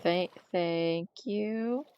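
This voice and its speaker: A woman streaming a game live, chatting casually with her chat and teasing them in a dry, deadpan way. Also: fairly low pitch, extremely slow, clear, resonant tone, muffled recording.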